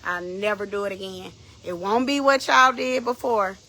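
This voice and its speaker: Emphatic woman preaching, bright voice. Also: medium pitch, normal speed, rough recording. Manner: emphatic, repeats phrases, bursts into shouts. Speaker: minister. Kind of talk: preaching livestream talk. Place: in bed at home at night.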